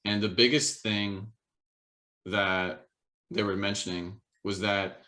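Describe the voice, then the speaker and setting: A young man with a fairly low voice and a bright, forceful edge chats on a podcast. He rambles and hesitates, filling pauses with "um" and "like". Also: little pitch movement. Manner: rambling, hesitant, lots of fillers. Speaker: podcast co-host. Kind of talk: casual chat.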